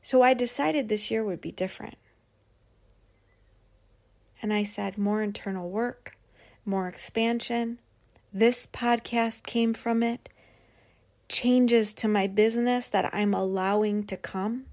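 A young woman hosting her podcast, telling a personal story in a candid, animated way and often swearing. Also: medium pitch, slow, pauses often. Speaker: podcast host and business coach. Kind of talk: casual personal monologue.

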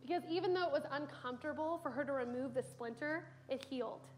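High-voiced young woman preaching. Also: fast talker, a little hiss or hum. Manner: earnest storytelling with conversational fillers. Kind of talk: sermon. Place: church sanctuary.

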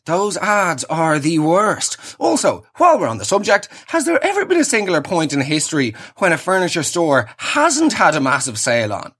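A man's voice: on the high side, wildly swooping pitch, moderate pace, hardly any pauses, fairly bright tone, husky. A man in his thirties with an Irish accent, delivering a sardonic, ranting comic monologue. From Ireland. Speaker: comedian.

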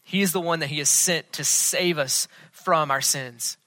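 At a measured pace, a male preacher delivers an earnest sermon, letting his voice fall to a near hush when he wants to stress something. The sound is bright, sharp and a touch high, recorded close and dry without any room sound.

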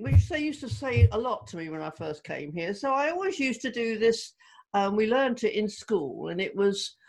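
A woman's voice: fairly high pitch, very animated, moderate pace. An older woman from Ireland with an English accent, a podcast guest telling stories in casual chat. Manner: chatty storyteller, British expressions.

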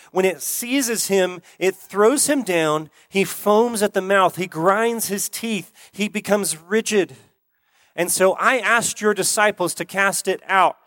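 A man's voice: high-pitched, a bit bright, no echo, pitched above the performer's own voice. A man voicing a desperate father who pleads for his son to be healed, in a pulpit reading. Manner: earnest, pleading, reading aloud.

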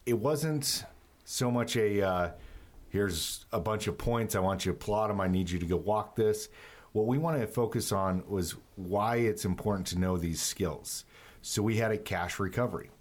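A man's voice: fairly low pitch, normal speed. A man, a course instructor, explaining in a matter-of-fact way during casual chat, with frequent restarts.

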